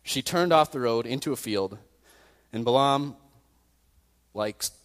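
A man's voice: medium pitch, measured pace, a bit bright. A young male youth pastor preaching a sermon by retelling a story in a casual, self-deprecating way. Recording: long reverb in a hall.

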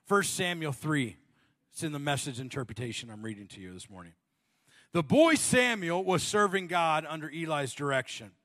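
A male pastor telling a funny personal story in his sermon, animated and self-deprecating, often laughing. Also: a little high, long reverb tail.

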